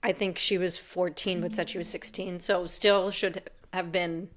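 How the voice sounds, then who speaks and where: A woman co-hosting a podcast in casual chat, agreeable and quick with short affirmations. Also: lowish voice, level tone. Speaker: podcast co-host.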